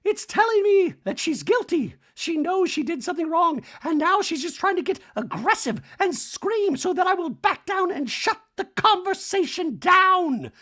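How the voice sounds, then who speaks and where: A man doing a high, scolding impression of an indignant woman reality star. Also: sing-song, moderate pace, hardly any pauses, pushed and bright, exaggerated voice. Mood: smug. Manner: shrieking, imperious, scolding.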